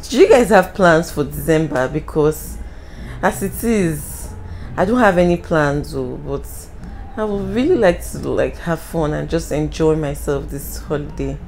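A woman's voice: deep voice, gravelly, a little mellow, slight background noise, poor audio. A young Nigerian woman with a Nigerian accent talking casually to the camera in a home vlog, openly emotional and apologetic. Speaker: vlogger.

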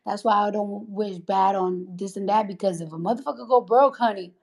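A woman's voice: medium pitch, a little fast, creaky, few pauses, darkish tone. A woman with a New York accent talking on a casual livestream, blunt and profane, heated and rambling with many restarts. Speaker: social media livestreamer.

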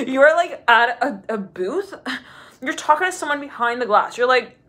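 A woman's voice: sits high, animated, a little slow, fairly bright tone. A woman giving a channeled tarot reading, chatty and rambling, laughing often and acting out the voices she describes. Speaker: tarot reader.

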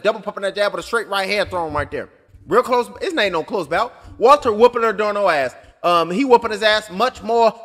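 Casual male fight commentator, high voice, swearing and joking, echoey long-tail room. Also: a bit bright. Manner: profane, joking, rambling. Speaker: boxing commentator. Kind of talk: live blow-by-blow commentary.

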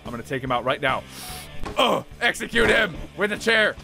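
A young man commentating his own game play, excitable, swearing and yelling at enemies. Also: fairly high pitch, fairly quick, creaky, soft background music. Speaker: gaming channel host.

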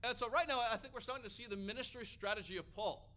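Bright-voiced, energetic American preacher man. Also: extremely high pitch, fast talker. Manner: energetic, rising to loud emphatic peaks. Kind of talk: sermon.

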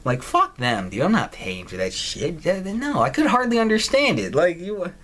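Animated, profane male gamer. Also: high voice, normal speed. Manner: profane, mocking, often laughing. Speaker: gaming channel host. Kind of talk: casual let's-play commentary.

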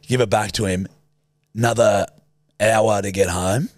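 A young Australian man with a low, fairly deep voice tells a rambling, swear-filled story to his co-host. His voice sounds close and dry, with no room around it. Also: steady tone, unhurried, dry recording. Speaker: podcast co-host. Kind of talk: casual storytelling chat.

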